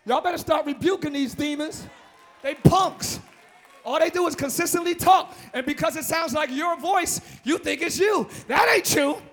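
A male pastor preaching a fiery, shouted sermon at a live church service, calling out for responses from the congregation. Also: extremely high pitch, moderate pace, soft background music.

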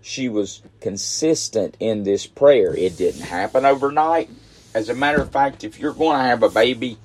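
A middle-aged man preaching a midweek sermon, emphatic and repeating phrases for stress. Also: mid-range voice.

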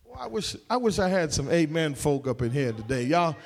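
A man's voice: fairly high pitch, sing-song, brisk, creaky. A man preaching a sermon in an emphatic, call-and-response way, with folksy slang.

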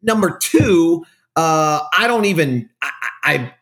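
A man's voice: on the high side, expressive, unhurried, a bit bright, a little hiss or hum. A man speaking as a guest author in an interview, frank and self-deprecating, often restarting his sentences. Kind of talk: candid conversational interview.

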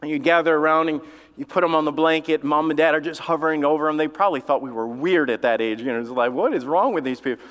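High-voiced pastor preaching in a hall. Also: male voice, fairly even intonation, quick pace, fairly bright tone, clean tone. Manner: conversational storytelling with laughs and rising emphasis. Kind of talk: sermon. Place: church sanctuary. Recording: long reverb of a large hall.

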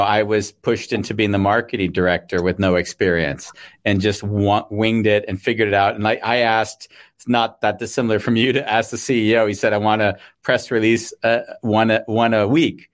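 Enthusiastic man co-hosting a chat. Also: fairly low pitch. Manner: enthusiastic, relates guest's story to his own. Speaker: co-host. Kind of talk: casual chat.

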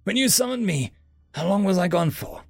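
A man voicing a young male familiar who talks in an earnest, halting, hesitant way. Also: high voice, lively intonation, gravelly, dry recording, clean studio sound, soft background music, pitched above the performer's own voice, heavily acted.

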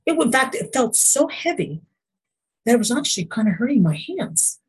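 A woman's voice: a little high, big pitch swings, normal speed, breathy edge. A woman guest on a podcast interview who tells earnest, faith-based stories, often restarting and asking rhetorical questions. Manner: faith-based, speaks of God and the Lord. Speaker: guest, emotion code practitioner.

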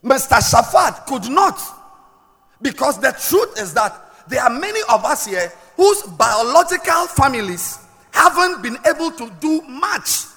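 A middle-aged woman preaching a sermon, swinging between loud shouted emphasis and quiet, low asides. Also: very animated, measured pace. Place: large church hall. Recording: echoey hall with long reverb.

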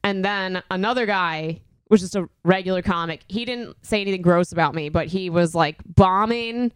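A woman's voice: lowish voice, moderate pace, clean tone, no echo, studio quality. A young woman comedian, telling stories bluntly and acting out heated quotes in casual chat. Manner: blunt, profane, animated storytelling with acted-out quotes. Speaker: comedian, podcast guest.

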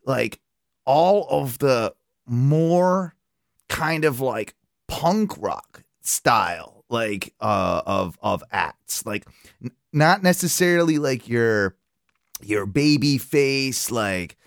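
A man's voice: medium pitch, animated, extremely slow, vocal fry, dry recording, clean studio sound. A man co-hosting a podcast in casual chat, rambling and filling his talk with "like" and repeats. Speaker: podcast co-host.

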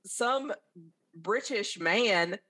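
A woman's voice: mid-range voice, very slow. A woman from the American South with a Southern accent, telling stories as a guest in a casual interview. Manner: chatty, animated storyteller.

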